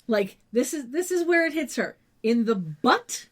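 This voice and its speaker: A woman's voice: fairly high pitch, very animated, unhurried. A young woman co-hosting a podcast in a slightly raised voice. She rambles through a casual recap, describing scenes in detail and dropping the odd swear word along the way. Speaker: podcast co-host.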